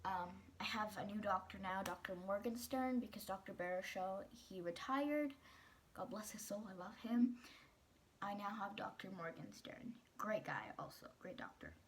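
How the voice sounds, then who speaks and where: A woman's voice: medium pitch, animated, normal speed, a little hiss or hum. A teenage girl candidly telling a personal story in a vlog, rambling with fillers and restarts. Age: teens. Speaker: vlogger.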